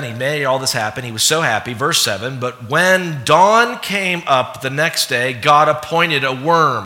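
A man preaching a sermon to a congregation, animated and conversational, with asides and voices acted out. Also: medium pitch, in a large hall. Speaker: pastor.

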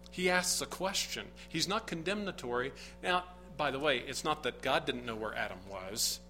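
A man's voice: fairly high pitch, animated, normal speed, hardly any pauses, pushed and bright, soft background music, low-quality recording. A man preaching a sermon, earnest and emphatic, often building to rising bursts of emphasis. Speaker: pastor.

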